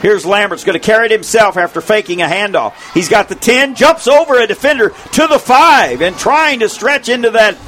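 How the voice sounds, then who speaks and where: High-voiced man calling a football game. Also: a little hiss or hum. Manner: quick, excited calls rising to shouts on big plays. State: losing his voice. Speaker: play-by-play announcer. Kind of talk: play-by-play sports commentary.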